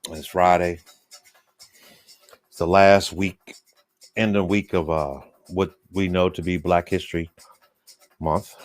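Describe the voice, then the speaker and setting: A man's voice: low-pitched, fairly even intonation, slow pace, pauses often. A man from the United States hosting a loose, rambling, folksy livestream monologue while drinking beer. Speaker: livestream host.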